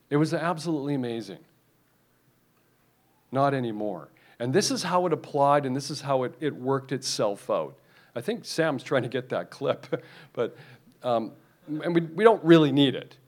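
A man preaching a sermon, emphatic and repetitive, often restarting his phrases. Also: mid-range voice.

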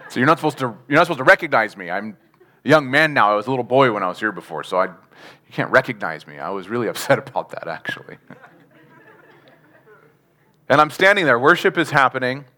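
A man's voice: mid-range voice, expressive, brisk, pauses often, bright, forceful tone. A man giving a sermon testimony, telling his story earnestly with chuckles and asking the congregation questions. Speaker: preacher.

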